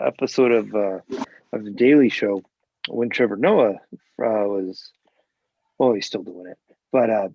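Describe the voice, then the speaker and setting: A man's voice: on the low side, a little mellow, dry recording. A man chatting casually on a video call, rambling with lots of fillers and laughs. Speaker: host. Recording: dull lo-fi video call audio.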